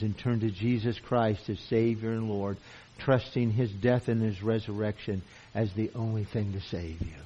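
A man's voice: medium pitch, a little mellow. A man preaching a sermon, earnest and emphatic, who often repeats himself as he presses a point. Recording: dull lo-fi sound.

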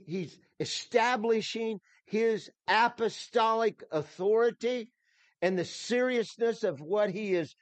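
A man's voice: high voice, no echo. Emphatic male pastor, dry dull sound. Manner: emphatic, repeats words and restarts often. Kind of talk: expository sermon.

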